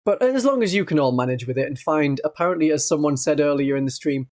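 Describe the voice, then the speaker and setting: A streamer from northeast England, speaking with a Northeast English accent, chats casually on a livestream and laughs often. Her gentle, mid-range voice is animated and fast.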